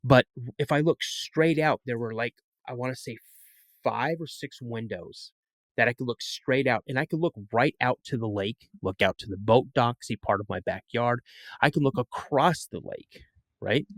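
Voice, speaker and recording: A man's voice: mid-range voice, normal speed, no echo. Man telling a story, dry sound. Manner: animated, acts out quoted voices. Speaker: podcast guest. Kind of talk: casual storytelling.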